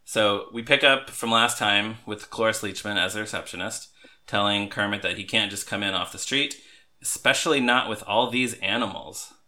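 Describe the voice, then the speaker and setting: A man hosting a podcast in casual, chatty talk, quick to laugh. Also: on the low side, sharp tone. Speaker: podcast host. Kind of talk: casual chat.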